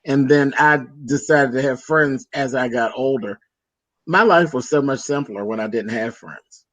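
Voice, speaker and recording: A man's voice: mid-range voice, moderate pace, no room sound, muffled recording. A man in a casual chat, chiming in with easy, affirming remarks.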